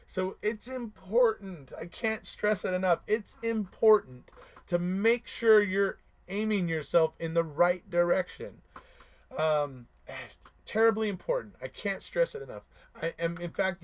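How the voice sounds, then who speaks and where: A man's voice: high voice, unhurried. Emphatic man hosting a casual livestream. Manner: repetitive, emphatic, chuckles between remarks. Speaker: livestream host reading viewer comments. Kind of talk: casual live-stream chat.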